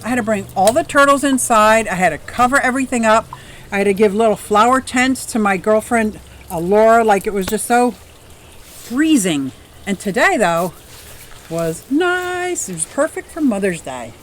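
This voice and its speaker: A woman's voice: fairly high pitch, animated, moderate pace, a bit bright, slight background noise. A woman in her fifties hosting a casual livestream outdoors, bubbly and chatty, greeting viewers by name. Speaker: livestream host. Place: outdoors in a yard.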